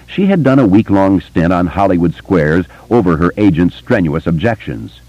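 A man reading an audiobook in scripted narration, expressive and varied. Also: sits low, dry recording. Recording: dull, muffled dry recording.

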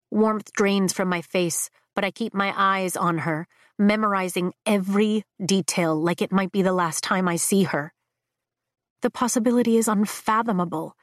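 A woman narrating a fantasy novel in the first person, with a measured, emotive reading. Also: mid-range voice, no echo, clean studio sound. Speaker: audiobook narrator.

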